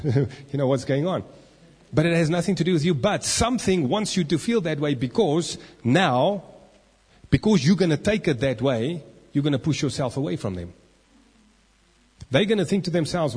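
Preacher in an echoing hall. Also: male voice, fairly high pitch, slightly rough. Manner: animated, acts out inner voices. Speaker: pastor. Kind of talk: sermon. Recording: long reverb of a church hall.

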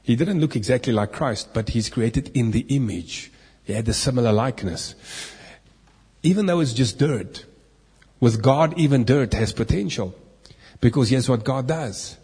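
A man gives a lively Bible lesson in a large hall, stopping to ask his listeners questions and tossing in playful asides. His voice sounds a little husky, and the sound rings with long reverb. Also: medium pitch, normal speed. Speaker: preacher. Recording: echoey hall.

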